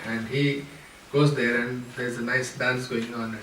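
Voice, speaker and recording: A man teaching a scripture class, telling a story in an animated way and acting out the characters' lines with laughter. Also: mid-range voice, a little slow. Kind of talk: storytelling lecture. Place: temple class room. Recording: roomy hall, mic at a distance, background noise.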